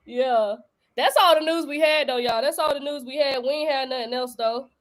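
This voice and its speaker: A woman's voice: high voice, moderate pace, noisy background. A young woman from North Carolina with a local accent, hosting a casual crypto live stream in a joking, slangy way. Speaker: crypto show host.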